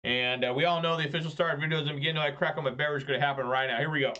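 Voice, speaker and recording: Bright-toned rambling man. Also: fairly high pitch, steady tone, racing, dull audio, slight background noise. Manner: rambling, joking, chatty. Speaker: gaming video creator. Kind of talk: casual gameplay commentary.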